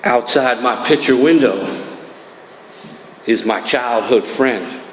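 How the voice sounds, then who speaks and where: Slow and a bit bright, a medium-pitched voice comes from a New Jersey man telling his story as the AA speaker at a recovery meeting. His casual, streetwise talk keeps returning to "man." Recorded in an echoey church hall with long reverb, it carries a little hiss or hum.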